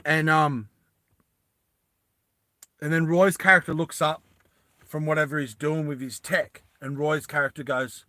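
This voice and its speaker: Improvising a tale for an audience, this man rambles freely, restarting often and leaning on fillers. His voice is slightly high, bright and forceful yet flat in delivery, recorded without echo, and he performs the characters' lines in rapid spurts.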